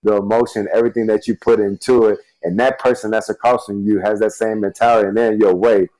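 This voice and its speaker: A man's voice: fairly low pitch, fast talker, rough recording. Laid-back former football player, man. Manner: relaxed, filler-heavy storytelling. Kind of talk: casual sports talk.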